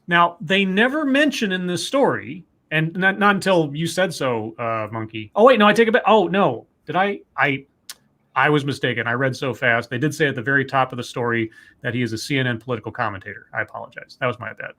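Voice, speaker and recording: Brisk and animated, this man's mid-range voice has a sharp tone. He co-hosts a laid-back talk stream, reading out news items and viewer messages and fixing his own mistakes along the way.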